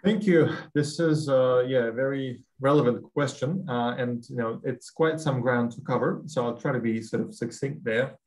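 Male academic, Russian accent, halting Q&A answers, frequent fillers. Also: medium pitch, darkish tone, poor audio. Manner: hesitant, many fillers and restarts. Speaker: guest speaker.

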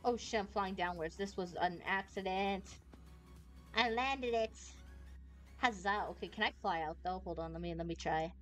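A bubbly woman streamer chats her way through a game, rambling from thought to thought. She squeals and yelps when things go wrong. Soft music plays faintly under her voice. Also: mid-range voice, moderate pace. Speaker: VTuber streamer. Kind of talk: casual gameplay commentary.

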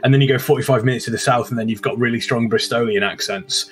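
A man with an English accent often called posh, chatting as a podcast guest in a relaxed, rambling way. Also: medium pitch, fast, faint music behind. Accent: English, said to sound posh. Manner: relaxed, rambling, repeats words as he starts. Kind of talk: casual podcast chat.

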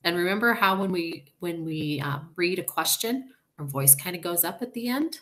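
A woman's voice: lowish voice, lively intonation, a bit bright. A woman teacher giving a recorded reading lesson, patiently explaining sounds, sight words and punctuation. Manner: patient, explanatory, slow and deliberate.

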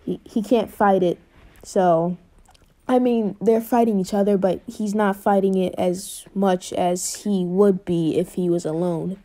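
A woman's voice: mid-range voice, steady tone, measured pace, warm tone. A young woman casually telling a fan what-if story, rambling with many fillers and restarts.

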